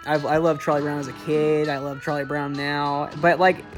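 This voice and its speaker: A man's voice: fairly high pitch, little pitch movement, normal speed, over music. A young man giving a casual, rambling, joking film commentary as a vlogger. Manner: chatty, joking, full of fillers and restarts. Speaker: vlogger reviewing holiday films.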